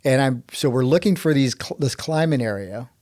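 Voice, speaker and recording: A man from Texas, a podcast guest telling a lively story, often laughing and restarting his sentences. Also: mid-range voice, moderate pace, no echo, studio quality. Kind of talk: animated storytelling.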